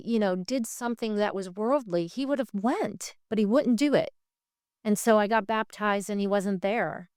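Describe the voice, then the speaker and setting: A woman tells a painful personal story as a guest, plain and straightforward. Her voice is smooth and resonant at a middle pitch, and it is recorded close and dry. She acts out what others said as she goes. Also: dry recording. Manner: straightforward and frank. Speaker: guest sharing her faith testimony. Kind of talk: candid conversational storytelling.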